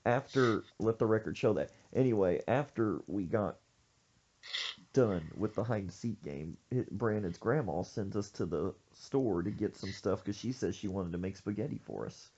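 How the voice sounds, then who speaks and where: A man hosting a podcast, telling a story in an animated, jokey way. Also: on the low side, normal speed, dull audio, a little hiss or hum. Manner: animated, jokey, acts out quoted voices. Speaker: podcast host. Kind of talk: casual storytelling chat.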